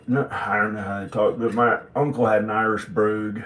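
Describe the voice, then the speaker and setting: Guy mumbling and ranting to himself, lowish voice, noisy background. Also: level tone, a little fast, a bit bright. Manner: mutters to himself, then rants bitterly. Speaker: vlogger. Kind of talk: rambling monologue to camera. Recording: echoey room with background noise.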